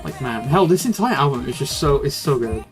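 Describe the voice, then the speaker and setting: A man's voice: medium pitch, lively intonation, a little fast. A young man streaming casual commentary, rambling loosely with fillers and the odd swear. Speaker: streamer reviewing music. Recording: faint music in background. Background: faint music.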